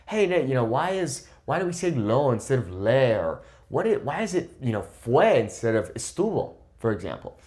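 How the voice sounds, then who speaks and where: A man's voice: mid-range voice, moderate pace, hardly any pauses. A man in his twenties, a Spanish teacher, talking casually to camera and often checking in with "okay?". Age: 20s. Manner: lively, emphatic, repeats "okay?" to check in. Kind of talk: casual talking-head lesson.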